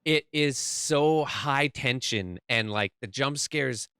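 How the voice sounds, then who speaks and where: A man chats casually on a horror podcast and leaps up in pitch to act out a crowd's reactions. His voice is smooth and clear, in a dry room. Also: slow, no room sound. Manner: animated, acts out crowd reactions. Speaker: podcast co-host.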